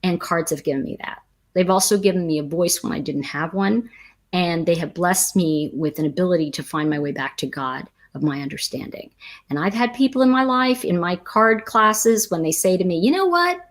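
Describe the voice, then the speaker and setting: Speaking at a normal speed in a lowish voice, a woman who teaches tarot chats on a livestream. She answers viewer comments and tells animated stories that keep drifting into tangents.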